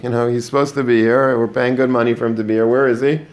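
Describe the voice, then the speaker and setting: A man giving a Torah lesson to students, animated, often repeating words and mixing in Hebrew and Yiddish terms. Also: mid-range voice, fast talker. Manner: animated, repeats words while building a point. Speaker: Torah teacher. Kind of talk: religious lecture to students.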